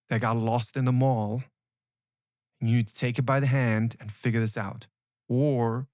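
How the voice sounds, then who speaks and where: Male coach, emphatic and repetitive, mid pitch, dry close recording. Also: darkish tone, no echo. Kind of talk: motivational coaching talk.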